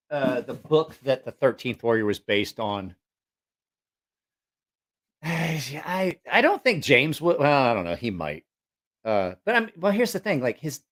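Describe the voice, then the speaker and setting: A man's voice: mid-range voice, a bit bright. A man casually telling a story to his stream viewers, rambling and swearing, on a sensitive mic with headphones. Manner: rambling, swears freely, many restarts and laughs. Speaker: live streamer.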